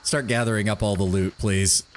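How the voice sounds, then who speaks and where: A man's voice: fairly low pitch, fairly even intonation, normal speed, a little hiss or hum. A man commentating on a game live, casual, laughing often and swearing freely. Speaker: streamer playing a game.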